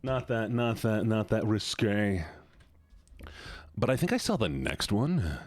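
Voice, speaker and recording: A man's voice: on the low side, big pitch swings, unhurried, no room sound, clean studio sound. A man streaming live, reacting to viewer submissions in casual chat, often sighing, swearing and repeating himself in exasperation.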